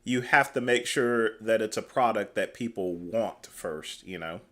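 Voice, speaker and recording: A man's voice: lowish voice, unhurried, a bit bright. A man hosting a livestream, giving casual commentary with dry, mocking asides. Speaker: livestream host.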